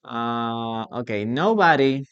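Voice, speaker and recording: English teacher, live online class, talks real slow, drills words over and over. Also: mid-range voice, lively intonation, clear, resonant tone, lo-fi sound. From Peru. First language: Spanish. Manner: repetitive, drills pronunciation, asks the class questions.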